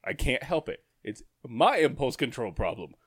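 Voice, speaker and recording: A man's voice: mid-range voice, normal speed, breathy edge, dry recording, clean studio sound. A man co-hosting a casual chat, telling a workplace story with a lot of swearing and frequent laughter. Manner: profane, animated, laughs often.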